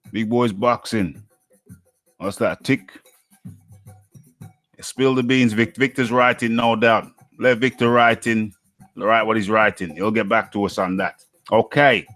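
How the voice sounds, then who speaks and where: A man's voice: on the low side, a bit bright, no echo. A man hosting a live boxing talk stream, reading out viewer comments and chatting back to them, often saying things twice in an upbeat way. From United Kingdom. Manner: repeats his phrases, chatty and upbeat.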